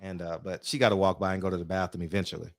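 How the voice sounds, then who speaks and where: A man's voice: low voice, level tone, rapid-fire, vocal fry, no echo, clean studio sound. A man hosting a live call-in show, talking brash, profane and amped up in casual chat.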